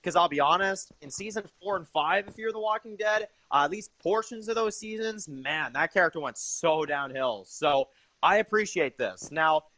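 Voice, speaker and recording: Young male reviewer, a bit high-voiced, enthusiastic and rambling, casual delivery. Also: sharp tone, no echo. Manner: enthusiastic, rambling with many fillers. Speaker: TV episode reviewer.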